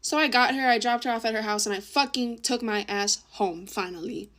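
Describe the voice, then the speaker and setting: A woman's voice: on the high side, fairly quick, fairly bright tone. A young woman telling a story in a casual, chatty way, swearing often and acting out what people said. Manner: chatty, swears a lot, acts out quoted voices. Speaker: vlogger.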